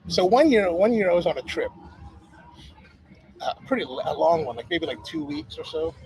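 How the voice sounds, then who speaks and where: A man's voice: a little high, animated, normal speed, gravelly, darkish tone, a little hiss or hum, rough recording. A man hosting a casual chat, a coffee shop owner, reacting and asking questions. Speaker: podcast host.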